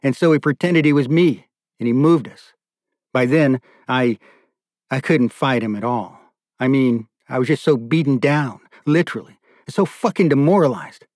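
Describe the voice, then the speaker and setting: A man's voice: medium pitch, moderate pace, a little mellow, no echo, studio quality, lightly acted. A man voicing a tormented adult man who pours out his ordeal in raw, profane bursts. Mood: anguished. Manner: raw, profane, bitter outpouring.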